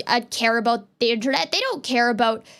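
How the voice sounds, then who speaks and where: A woman from Canada streams and talks over a game in a loose, rambling way, her high voice quick to turn exasperated. The tone is bright and sharp and stays that way throughout. She chats casually to her audience. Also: animated. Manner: rambling, exasperated, fast-talking. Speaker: VTuber streamer. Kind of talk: casual gameplay commentary.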